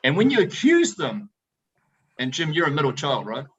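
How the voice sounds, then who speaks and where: A middle-aged man, a winemaker, telling animated, joking stories to a tasting audience over a video call. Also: fairly high pitch, normal speed, husky, dull audio. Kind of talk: storytelling talk to a tasting audience. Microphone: video call presentation.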